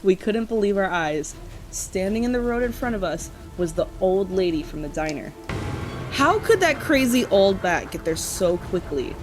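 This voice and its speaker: A woman's voice: medium pitch, expressive, moderate pace, soft background music, low-quality recording. A woman co-hosting a podcast, reading a spooky campfire story aloud in a casual way and often breaking into giggles.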